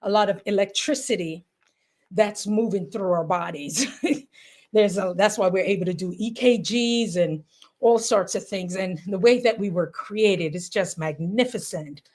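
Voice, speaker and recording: A young woman with a Jamaican accent hosts a casual livestream. She chats warmly with her viewers, reads their comments aloud and laughs often. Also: mid-range voice, a little slow. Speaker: livestream host. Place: home in New York.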